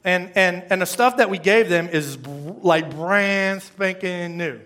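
A man's voice: high-pitched, a little slow, bright, forceful tone. A man, a pastor, giving a conversational sermon, rambling, repeating words and asking the congregation questions.

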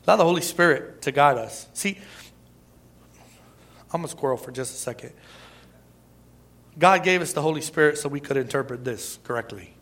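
A man delivers a sermon in a bright, forceful voice pitched a touch high. He preaches conversationally, drifting into asides and chuckles, then climbing to loud emphatic peaks. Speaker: pastor.

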